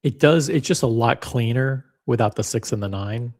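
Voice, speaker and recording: A man hosting a reaction video, talking in an animated, rambling and blunt way with casual swearing. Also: mid-range voice, moderate pace. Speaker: watch channel host reacting to clips.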